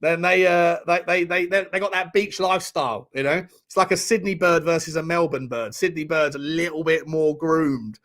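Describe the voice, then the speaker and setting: A man's voice: on the high side, moderate pace, hardly any pauses, fairly bright tone. A man hosting a casual football watchalong stream, rambling and joking with frequent stammering restarts. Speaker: football channel host.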